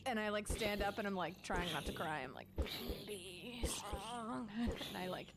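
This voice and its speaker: A woman playing a tabletop game, describing what her character does in a lively way. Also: medium pitch, a little fast, heavy background noise. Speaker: player.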